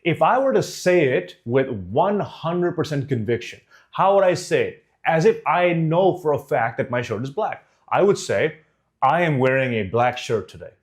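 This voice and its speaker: Animated man coaching on speaking. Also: a little high, moderate pace. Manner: animated, demonstrates tones and faces. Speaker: communication coach. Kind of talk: direct-to-camera speaking lesson.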